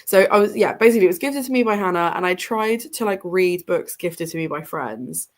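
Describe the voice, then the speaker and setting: A young woman talks casually on a home reading stream, her voice stuffy and congested. She rambles along with frequent ums and little laughs, her pitch sitting a touch low for a woman. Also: lively intonation, fairly quick. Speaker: reading livestream host. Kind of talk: casual livestream chat. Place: home room with bookshelves behind her.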